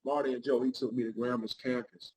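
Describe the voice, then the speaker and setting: Earnest middle-aged man, flat delivery. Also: medium pitch, fast, low-quality recording. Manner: earnest, heartfelt recounting. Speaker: guest, pastor and counselor. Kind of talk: personal storytelling in interview.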